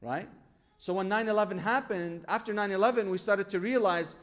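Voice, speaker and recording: A man's voice: high-pitched, fairly quick. A man giving a sermon as a sheikh. He tells stories from his own life, asks rhetorical questions and quotes scripture. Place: lecture hall at a religious gathering.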